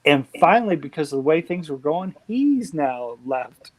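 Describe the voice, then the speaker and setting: Man, somewhat higher pitch, easygoing chat partner who keeps nodding along. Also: very animated, moderate pace, crowd noise, rough recording. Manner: responsive, frequent short agreements. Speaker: conversation partner. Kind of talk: casual chat.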